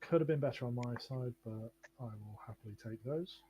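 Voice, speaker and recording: A man with a slightly husky voice chats as a player in an online tabletop game. He asks practical questions politely and apologizes when he misses something. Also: medium pitch, fairly quick, mellow. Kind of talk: casual tabletop game chat.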